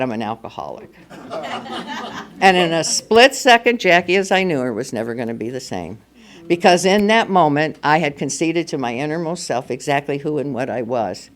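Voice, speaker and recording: A woman in her seventies sharing her personal recovery story at a meeting, candid and wry, acting out the dialogue as she goes. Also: sits low. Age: 70s. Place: meeting hall before a live audience.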